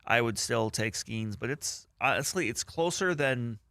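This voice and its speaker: A man co-hosting sports radio in a bright, forceful voice at a middle pitch. He gives measured, analytical takes, padded with "like" and "you know". The studio sound is close and dry. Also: lively intonation, no room sound. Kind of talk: casual sports talk.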